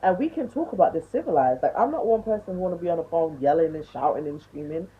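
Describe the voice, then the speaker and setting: A woman's voice: fairly low pitch, expressive, fast, slightly rough. A woman in her twenties ranting bluntly to camera, swearing and lecturing, on tinny phone-like audio. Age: 20s. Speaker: vlogger.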